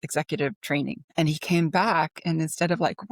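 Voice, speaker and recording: A woman's voice: fairly low pitch, moderate pace, few pauses, dry recording, clean studio sound. A middle-aged woman talking casually as a podcast guest, chatty and full of fillers, acting out anecdotes as she goes. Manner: chatty, filler-heavy, animated retelling of anecdotes. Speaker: podcast guest, business consultant. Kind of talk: casual interview conversation.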